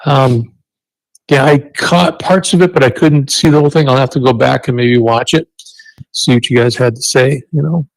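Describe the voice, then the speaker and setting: A man's voice: medium pitch, moderate pace, creaky, dry recording. A man appearing as a radio show guest, chatting casually and telling a hunting story in an easygoing way. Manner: easygoing storyteller, chuckles at his own hunting tale.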